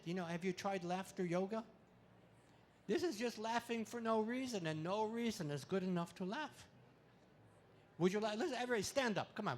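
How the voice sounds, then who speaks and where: High-voiced man cracking puns. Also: a little hiss or hum. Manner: pun-filled deadpan jokes; leads audience in loud laughter exercises. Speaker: comedic spiritual speaker. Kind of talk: playful live talk with audience questions. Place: expo hall with audience. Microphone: handheld mic.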